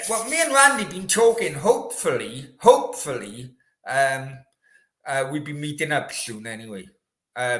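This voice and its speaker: Man, chatty and rambling, slow unhurried delivery, echoey room. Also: a little high, pushed and bright. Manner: chatty, rambling, banters with viewers. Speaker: host. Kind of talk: casual live chat. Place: room in Australia.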